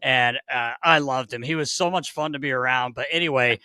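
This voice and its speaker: A man hosting a podcast, telling stories in a casual, animated way, swearing freely and laughing as he goes. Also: mid-range voice, brisk, clear, resonant tone, no room sound. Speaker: podcast host. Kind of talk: casual storytelling chat.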